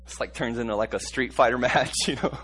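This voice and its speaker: A man's voice: medium pitch, fast, slight background noise. Impassioned male preacher. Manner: swings between quiet and shouted passages, chuckles often; calls on the congregation to repeat words. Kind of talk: sermon.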